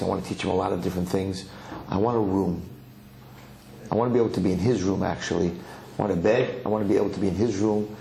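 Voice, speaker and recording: Man doing an old medicine man: deep, firm, measured; roomy hall sound. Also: creaky, dark tone, slight background noise.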